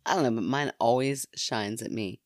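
A woman's voice: rumbling low, moderate pace, a little mellow, no echo, studio quality. A woman co-hosting a casual podcast, giggling and tripping over words as she reads aloud. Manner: giggly, stumbles while reading aloud. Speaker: podcast co-host.

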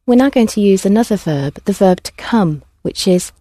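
A woman teaching a language class, prompting students clearly and patiently. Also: mid-range voice, animated, moderate pace, dark tone, no room sound. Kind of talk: classroom instruction.

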